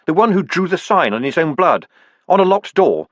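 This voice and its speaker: A man voicing a young woman police sergeant who speaks quickly and eagerly to reassure. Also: on the high side, sing-song, dry recording, dull audio, pitched above the performer's own voice.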